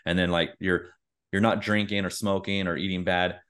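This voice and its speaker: A man with a very low voice talks loosely through a casual podcast chat. He rambles and leans on fillers as he thinks out loud. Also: flat delivery, moderate pace, clean tone. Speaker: podcast co-host.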